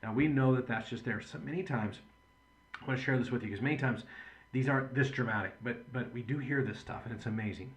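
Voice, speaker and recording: A man in the role of a chiropractor talks patients through his ideas in an earnest, chatty way. He tells stories from his practice in a plain, conversational manner, at an ordinary pitch for a man. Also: fast. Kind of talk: patient education video talk.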